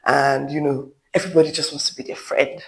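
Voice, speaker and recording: A man's voice: fairly high pitch, little pitch movement, brisk, poor audio. A man from Nigeria with a Nigerian accent, giving his opinions in a vlog in a candid, emphatic way with rambling asides. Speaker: vlogger.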